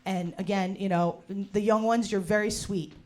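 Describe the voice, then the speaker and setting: A woman in her forties doing a stand-up set in a bar, ranting loudly and profanely with slangy fillers. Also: mid-range voice, steady tone, moderate pace. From New Jersey. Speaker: stand-up comedian. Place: bar in front of a live audience. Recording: live crowd laughing in a bar. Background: audience laughter.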